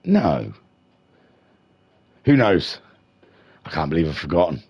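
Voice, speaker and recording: A man's voice: low-pitched, slow, gravelly, breathy edge. A man giving live sim racing commentary as the channel's host, rambling and joking as he reads out viewer chat between races. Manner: excitable, rambling, jokey. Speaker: race commentator and streamer.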